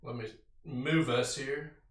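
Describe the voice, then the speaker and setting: A man's voice: medium pitch, fairly even intonation, slow, slight background noise. A man casually teaching a Bible study, reading scripture aloud and then explaining it in a conversational way with fillers. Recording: roomy sound from a distant mic.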